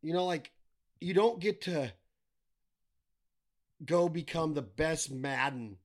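A man's voice: on the high side, lively intonation, slow. A middle-aged man talking casually as a podcast guest, blunt and given to swearing, ranting with wry humor. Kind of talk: casual chat.

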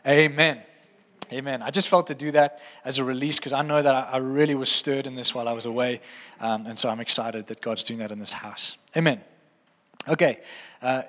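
A man's voice: mid-range voice, a bit bright. A man preaching a sermon to his congregation, fervent and playful, teasing the room now and then. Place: church auditorium. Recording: long hall reverb in a church.

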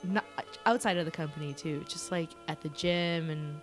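A woman's voice: low-pitched, fairly even intonation, normal speed, faint music behind. A woman hosting a casual podcast chat, effusive and giggly, saying "dude" often. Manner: warm, effusive and giggly, using "dude" a lot. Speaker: host.

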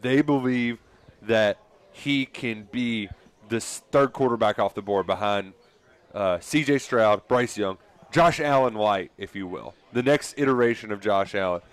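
Man, sports radio co-host, excitable, chatty. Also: fairly low pitch, measured pace, clear, resonant tone. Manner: chatty, excitable, laughs easily. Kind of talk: casual sports talk radio.

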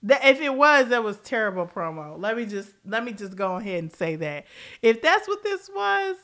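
A woman's voice: on the high side, very animated, moderate pace, pushed and bright. A woman hosting a casual pop-culture commentary show, blunt and profane, laughing often and jumping between tangents.

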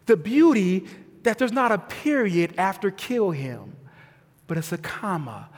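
A man in his thirties, a pastor preaching a sermon with emphatic swings from loud to hushed. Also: sits high, lively intonation, moderate pace. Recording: long hall reverb.

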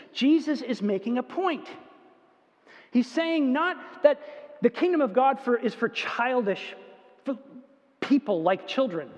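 A man with a high voice preaches a conversational sermon, now and then putting on the whiny voices of little children. The sound is dull and lo-fi, with a long reverb trailing off the walls of a large hall. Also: expressive, moderate pace. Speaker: pastor.

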